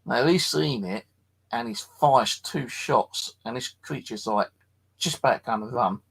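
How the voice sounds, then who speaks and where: Gravelly, husky man, tired. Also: medium pitch, very animated, unhurried, a bit bright, poor audio. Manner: rambling, swears freely, chats to viewers. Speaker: paranormal live streamer. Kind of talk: casual late-night live stream chat. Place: his flat at night.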